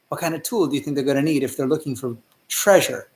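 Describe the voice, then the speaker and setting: A male storyteller narrating a children's story in an animated way and often asking the listeners questions. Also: fairly high pitch, quick pace, roomy sound.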